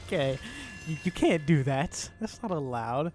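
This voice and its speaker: A man doing let's-play commentary as a gaming YouTuber, excitable, swearing and yelling at the game. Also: on the high side, slow, over music.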